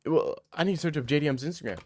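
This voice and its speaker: A man's voice: on the high side, expressive, racing, a little mellow, no room sound. A young man streaming casually, answering viewer messages in a crude, rambling, joking way.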